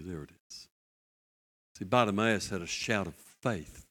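A man preaching a sermon, telling a story with lively asides and acted-out voices. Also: lowish voice, a little slow. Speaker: pastor.

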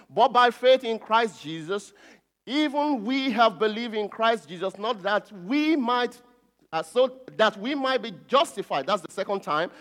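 A male pastor with a notably high voice delivers a teaching sermon. He explains step by step, repeating key words for emphasis and chuckling now and then. His voice carries a long reverb from a church hall.

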